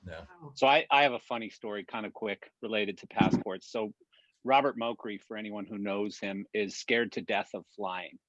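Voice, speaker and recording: A man telling a story in an animated, rambling way with many restarts, on a video call from home. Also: on the low side, normal speed, no echo, highs cut off. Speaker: production industry guest. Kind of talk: casual storytelling.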